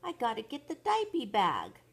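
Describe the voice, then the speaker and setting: A woman's voice: on the high side, normal speed, creaky, husky, exaggerated voice. An older woman voicing a bold, determined baby boy in a read-aloud storybook. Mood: urgent. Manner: excited, determined, yelling.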